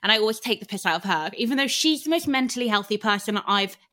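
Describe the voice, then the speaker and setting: A woman's voice: medium pitch, lively intonation, quick pace, pushed and bright. A woman hosting a podcast, talking frankly in casual chat, swearing freely and laughing easily. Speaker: podcast host.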